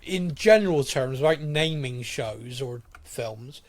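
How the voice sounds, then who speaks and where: A man's voice: mid-range voice, expressive, slow. A middle-aged man hosting a podcast in casual chat, rambling and laughing easily. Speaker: podcast host.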